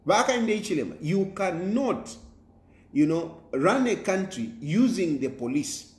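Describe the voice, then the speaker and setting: Emphatic Zambian politician, lively pitch. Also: male voice, unhurried, echoey room. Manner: emphatic, repetitive, preaching tone with many fillers. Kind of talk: political commentary monologue.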